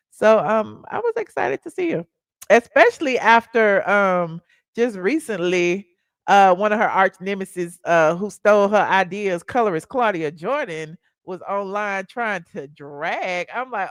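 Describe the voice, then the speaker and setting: A woman's voice: mid-range voice, lively intonation, normal speed, no room sound, studio quality. A woman hosting a live celebrity gossip show, chatting casually and reacting to clips with a lot of "okay" and "honey".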